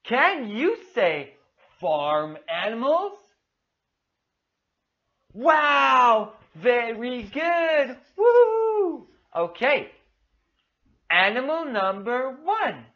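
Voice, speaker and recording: A rather high-voiced woman leads a young child through an English lesson, stretching every word out slowly. She piles on cheerful, sing-song praise and calls names out loudly. The recording sounds dull and a little muffled. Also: big pitch swings. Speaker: English teacher for young learners. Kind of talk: demo of a kids' English lesson.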